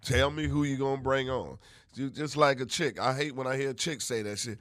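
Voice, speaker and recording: A man's voice: mid-range voice, a little fast, no room sound. A middle-aged man, a comedian, riffing in a brash, profane way during a studio podcast chat. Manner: brash, profane, shouting bits. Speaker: comedian guest. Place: radio studio. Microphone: studio mic.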